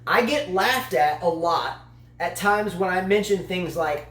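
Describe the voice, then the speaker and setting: A man's voice: high-pitched, measured pace, a bit bright, echoey room. A man co-hosting a casual tennis chat show, a long-winded, playful storyteller. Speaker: tennis channel co-host.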